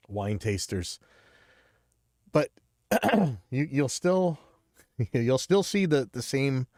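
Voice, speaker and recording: A man's voice: fairly low pitch, a little mellow, dry recording, studio quality. Stuffy, blunt man ranting casually. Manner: blunt, rambling, many restarts. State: stuffy nose, clearing throat. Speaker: livestream host. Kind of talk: casual livestream commentary.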